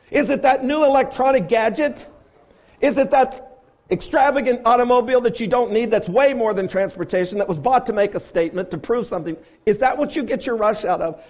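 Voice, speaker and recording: High-voiced man preaching emphatically. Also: brisk. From grew up on a farm. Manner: emphatic, rhetorical questions, shifts between loud appeals and low asides. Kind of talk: sermon.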